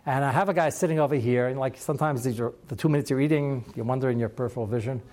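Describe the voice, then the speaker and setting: A man teaching a Talmud class as a rabbi, chatty and animated, sprinkling his talk with Hebrew and Yiddish terms. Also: medium pitch, rapid-fire. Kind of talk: Talmud class lecture with storytelling.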